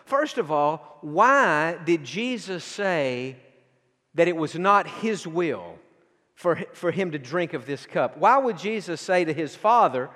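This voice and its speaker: A man preaching an evening sermon, reading scripture slowly and emphatically and asking the congregation to repeat a phrase. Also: on the high side, sing-song, fairly bright tone. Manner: slow, emphatic delivery with drawn-out scripture quotes. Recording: long hall reverb.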